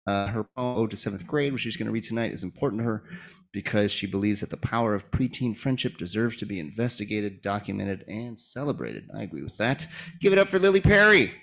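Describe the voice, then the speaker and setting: A man's voice: fairly low pitch, quick pace, vocal fry. A man hosting a live reading, introducing readers in a loose, joking way with casual fillers. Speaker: host of a reading event.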